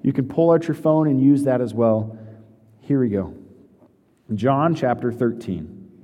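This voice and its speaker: A man's voice: mid-range voice, normal speed. Man preaching in a reverberant church. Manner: animated, shifting between hushed scripture reading and lively storytelling. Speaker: pastor. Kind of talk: sermon. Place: church sanctuary. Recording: long hall reverb.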